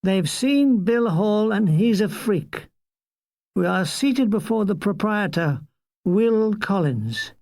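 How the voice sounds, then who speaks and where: An older man reading his own comic war memoir in a wry, deadpan way. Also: high-pitched, takes it slowly, no room sound.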